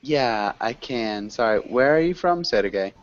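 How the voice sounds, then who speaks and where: A man's voice: mid-range voice, measured pace, dry recording, highs cut off. A man teaching an online English class, chatting casually with students and rambling through fillers. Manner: relaxed, rambling, many fillers.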